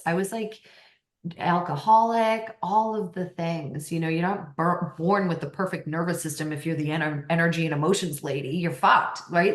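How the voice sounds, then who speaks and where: An animated woman talks candidly as a podcast guest, her lower voice swinging between hushed and emphatic. The room around her adds a noticeable echo. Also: moderate pace. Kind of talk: casual conversational interview. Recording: roomy echo.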